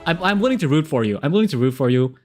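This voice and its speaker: A man's voice: a little high, very fast, soft background music. A man streaming live, casually reading viewer messages and giving relationship advice with lots of laughing asides. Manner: animated, laughing, chatty asides.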